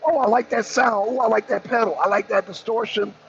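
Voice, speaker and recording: A man's voice: high voice, fairly even intonation, fairly quick, creaky, fairly bright tone. A man hosting a talk show, giving rambling, blunt opinion commentary with emphatic repeats and casual cursing. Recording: dull lo-fi sound with faint noise.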